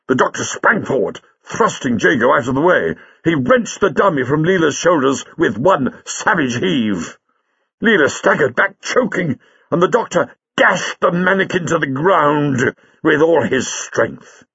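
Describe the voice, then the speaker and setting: A man narrating a story in an expressive, dramatic reading style, on a dull lo-fi recording. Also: a little high, measured pace, slightly rough, no echo. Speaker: audiobook reader. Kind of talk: scripted narration.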